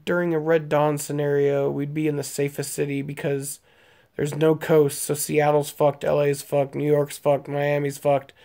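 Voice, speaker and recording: A man's voice: fairly high pitch, monotone, normal speed, vocal fry, dark tone. Late 20s guy on a stream, swearing a ton, rambling through stories with lots of uhs. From Omaha, Nebraska, United States. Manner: rambling, profane storytelling with frequent fillers and laughs. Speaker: streamer chatting with viewers. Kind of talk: casual live-stream chat.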